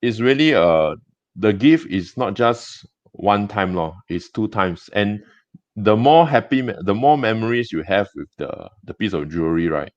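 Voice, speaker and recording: A man with a Singaporean English accent, a gem business owner telling stories in a casual interview, chatty and halting with many restarts. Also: lowish voice, lively intonation, no room sound. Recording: dull dry lo-fi sound.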